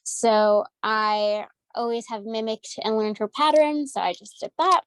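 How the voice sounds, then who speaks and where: Upbeat higher-voiced American woman. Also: a little slow, dry recording. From United States. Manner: upbeat, effusive, frequent "um" and "like". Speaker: voice actress guest. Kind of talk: casual interview.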